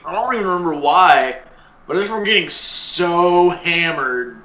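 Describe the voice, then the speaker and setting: A man's voice: high-pitched, lively intonation, normal speed, pushed and bright. A man telling laid-back stories in casual chat. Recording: echoey room.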